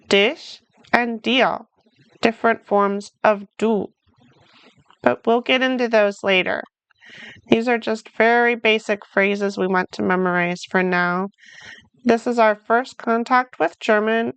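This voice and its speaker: A woman's voice: on the high side, smooth, dry recording. A woman teaching a beginner language lesson, patiently saying each phrase and then repeating it for learners. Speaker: German teacher. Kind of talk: slow, clearly articulated beginner language lesson.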